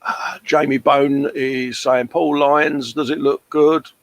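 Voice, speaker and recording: A man's voice: medium pitch, little pitch movement, slow pace. A British man with an English accent, hosting a casual livestream chat, reading out viewer comments and calling people mate. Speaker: livestream host.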